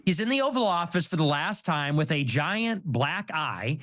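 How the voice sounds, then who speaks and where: A man hosts an online talk show in a casual commentary style. His voice sits high and moves around a lot in pitch. He reasons aloud with animated energy. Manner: animated, quick-reasoning delivery. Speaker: show host.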